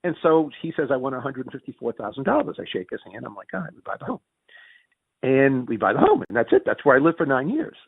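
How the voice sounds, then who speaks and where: A middle-aged man telling a story casually in an interview, animated and jumping in pitch when excited. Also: fast, gravelly, hardly any pauses, slightly rough, dry recording. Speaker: interview guest. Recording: tinny phone-like sound.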